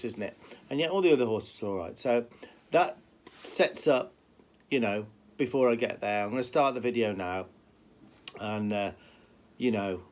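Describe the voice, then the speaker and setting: Rambling Brummie man, casual chat. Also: medium pitch. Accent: Birmingham (Brummie), softened. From Birmingham, England. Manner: rambling, repeats words, many fillers. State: limping. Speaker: horse trainer. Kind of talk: casual talk to camera.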